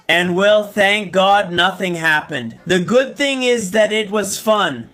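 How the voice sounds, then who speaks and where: A man narrating funny personal mishaps in an animated, comic storytelling style. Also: high voice, soft background music. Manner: animated, quick, comic voices for quotes.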